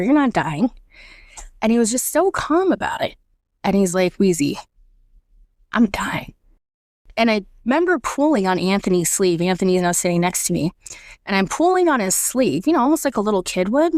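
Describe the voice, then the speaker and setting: Podcast guest, woman, mid-pitched, dry close sound, candid and emotional storyteller. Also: no echo. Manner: candid, emotional, animated storyteller who acts out her own thoughts. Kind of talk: personal storytelling in conversation.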